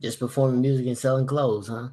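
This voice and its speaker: A man hosts a casual interview at an ordinary middle pitch. He chimes in with short, encouraging affirmations and keeps the conversation easy. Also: steady tone, fast, warm tone. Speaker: podcast host.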